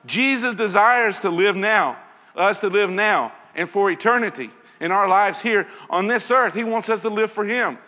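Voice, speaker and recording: Earnest high-voiced man teaching scripture. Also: sharp tone, long reverb tail. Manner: earnest, repeats phrases, reads scripture aloud. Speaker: Bible teacher. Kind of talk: evening Bible lesson.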